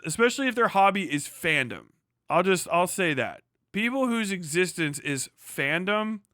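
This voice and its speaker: A man hosting a livestream, ranting casually in a profane, rambling way and mimicking people in quick put-on voices. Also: a little high, pushed and bright, smooth, no echo, studio quality. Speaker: livestream host. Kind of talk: casual rant.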